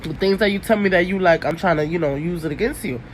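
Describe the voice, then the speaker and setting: A young woman quoting a young man who is cheap and smooth-talking, in a slightly lower, coaxing voice. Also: fast talker, slight background noise, close to an everyday voice.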